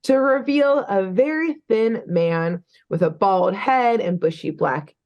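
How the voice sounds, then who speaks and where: A young woman co-hosting a casual podcast, retelling a cartoon plot. She talks in a loose, chatty way, with lots of filler words, and she laughs easily. Her pitch sits in a middle range. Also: lively intonation, slow pace, muffled recording. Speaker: podcast co-host.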